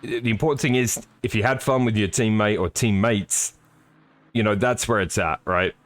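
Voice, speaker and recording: A man's voice: fairly low pitch, fairly even intonation, normal speed, no room sound. A man commentating live on a sim race, chatty and upbeat, greeting viewers by name.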